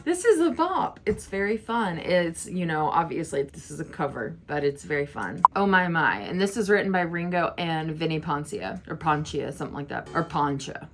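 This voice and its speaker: Chatty young woman reacting over loud music. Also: low-pitched, lively intonation, normal speed, hardly any pauses. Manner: chatty, giggly, gets teary. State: tearful. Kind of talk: casual album reaction. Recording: music playing loudly behind.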